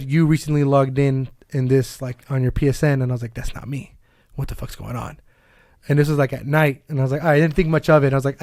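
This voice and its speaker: A man co-hosting a casual gaming podcast, telling a story fast and animatedly, with swearing and laughs. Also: on the high side, a little mellow, dry recording, clean studio sound. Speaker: podcast co-host. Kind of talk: casual chat among friends.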